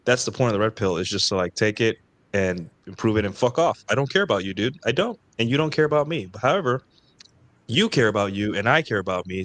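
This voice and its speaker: A man hosting a casual podcast chat, blunt and profane, mimicking others in high mocking voices. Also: fairly bright tone. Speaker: podcast host.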